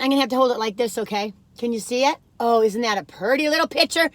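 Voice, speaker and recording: A woman's voice: on the high side, expressive, brisk, long pauses, fairly bright tone, no room sound. An older woman chatting casually in a gushing, giggly way from inside her car. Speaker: vlogger tasting cookies. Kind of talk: casual chat.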